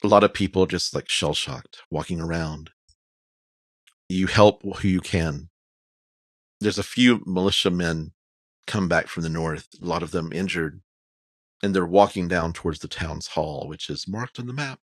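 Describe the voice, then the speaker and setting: Low husky dude running a d&d game, vivid narration, dry sound. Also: male voice, a little slow, dry recording. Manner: vivid, descriptive, with casual fillers. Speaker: dungeon master.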